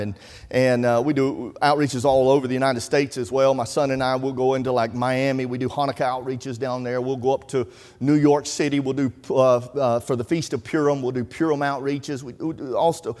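A man preaching a sermon, telling a story in a conversational way and dropping to a hushed voice at tense moments. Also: medium pitch. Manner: conversational, animated storytelling, drops to hushed tones for suspense. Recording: long hall reverb.

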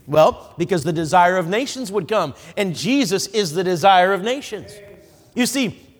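A man preaching a sermon as an evangelist, reading scripture in old-fashioned wording and building to impassioned shouts. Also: sits high, lively intonation, normal speed, in a large hall.

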